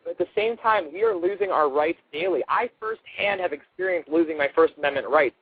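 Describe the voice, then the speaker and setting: Radio guest calling in: husky-voiced man, urgent and halting, thin dry phone sound. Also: on the high side, no echo. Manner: urgent, repeats and restarts words. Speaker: guest, activist. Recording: narrow phone-line sound.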